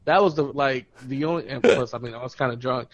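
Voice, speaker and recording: A man's voice: medium pitch, quick pace. Young male podcast co-host, laughing and cursing through a story, muffled lo-fi sound. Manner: profane, laughing, animated retelling with quoted voices. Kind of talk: casual storytelling chat. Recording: dull lo-fi podcast audio.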